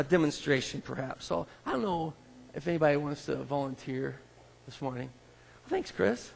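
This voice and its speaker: A man's voice: on the high side, creaky, slightly rough, big-room sound, poor audio. A man preaching a sermon as a pastor, acting out scripture scenes with a volunteer. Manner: animated, acts out scripture scenes.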